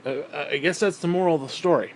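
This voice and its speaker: A high-voiced man rants into the camera, short of breath, swearing constantly as he vents bitterly. His pitch sits well above most men's. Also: quick pace, slight background noise. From New York State. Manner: profane, bitter ranting. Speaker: vlogger. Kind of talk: ranting vlog monologue.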